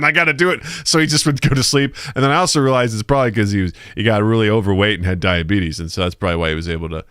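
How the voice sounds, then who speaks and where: A man co-hosting a casual podcast, his voice jumping way up whenever he acts out what someone said. He laughs often, and the sound is close and dry. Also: no echo. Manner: animated storyteller, acts out quotes in a high voice. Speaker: podcast co-host. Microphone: podcast mic.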